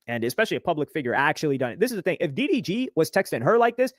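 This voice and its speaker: A man's voice: a little high, sing-song, very fast, no room sound, clean studio sound. A man co-hosting a livestream, commenting animatedly and reading out messages in a mocking tone. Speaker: livestream co-host.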